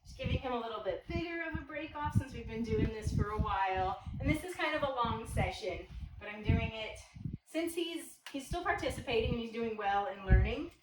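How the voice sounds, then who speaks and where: A woman's voice: on the high side, animated, brisk. A woman dog trainer explaining her methods as she works with a puppy, mixing explanation with short cues to the dog. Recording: echoey, distant mic, loud background noise.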